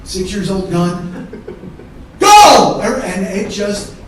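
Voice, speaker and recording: A middle-aged man telling a profane, animated comedy story in a live one-man show, his voice jumping into shouts. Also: high voice, a little fast. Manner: animated, profane, shouts quoted kids' lines. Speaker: stand-up comedian. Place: live theater stage with audience laughing. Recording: echoey, distant theater recording with noise.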